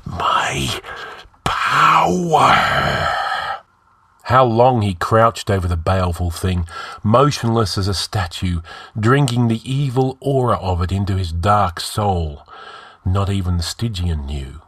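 A man reading fantasy fiction aloud, narrating with measured, dramatic pacing. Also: low voice, a little hiss or hum.

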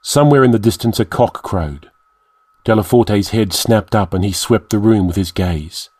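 A man reads a dark fantasy story in a measured, dramatic storytelling voice. His voice sits on the lower side. The recording is close and dry, with no room around it. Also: dry recording. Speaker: narrator. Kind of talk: audiobook narration.

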